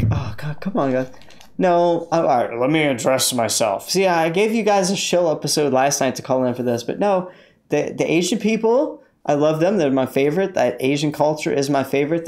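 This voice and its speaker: This livestream host is a man broadcasting casually from inside his car, wandering from topic to topic, joking and replying to chat. His voice is slightly high with a darkish tone.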